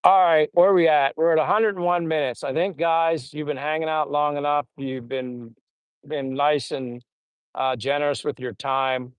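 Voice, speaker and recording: A middle-aged man chats on his live stream, reading viewers' comments aloud and wandering off into old stories. His voice sits a bit high for a man. The sound is dry and close, with no room around it. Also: fairly even intonation, moderate pace, smooth, no room sound, poor audio. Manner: rambling, laughing at old stories. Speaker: vlogger reading live chat. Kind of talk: casual live stream chat. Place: home in the Philippines.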